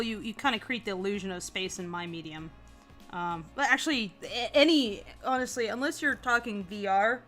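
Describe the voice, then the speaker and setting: A woman's voice: medium pitch, a bit bright. A woman hosting a casual livestream, talking animatedly with lots of laughing and "like". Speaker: comic artist and animator, stream host.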